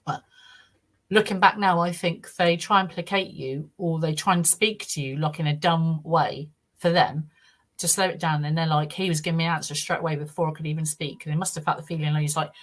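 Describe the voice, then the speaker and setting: Earnest, halting woman, low voice. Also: fairly even intonation. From United Kingdom. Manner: earnest, halting storytelling with frequent restarts. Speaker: guest. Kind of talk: first-person account in a podcast interview.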